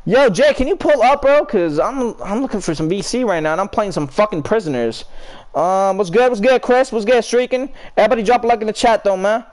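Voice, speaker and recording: A young man with a fairly high voice calls out teammates mid-game in heated, cursing trash talk. Between plays he greets his chat and answers viewers, still swearing through it. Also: expressive, a little fast, a little mellow. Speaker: streamer. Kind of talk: live gameplay commentary and chat talk.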